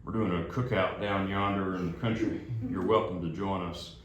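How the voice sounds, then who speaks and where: Folksy Texan boss, an older man, as a man quotes him, calm and drawling, heard far off in an echoey, noisy hall. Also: deep voice, normal speed, natural voice.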